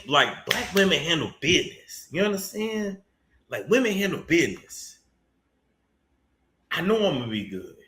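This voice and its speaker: A man hosting celebrity gossip commentary, talking in a profane, mocking way with sudden bursts of shouting. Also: fairly high pitch. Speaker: commentary host. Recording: echoey room.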